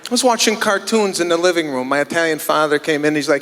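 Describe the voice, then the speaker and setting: A stand-up comedian with a fairly high, expressive voice performs fast on a theater stage before a live audience, holding a handheld mic amid background noise and long theater reverb. He tells indignant, exasperated stories and acts out the dialogue.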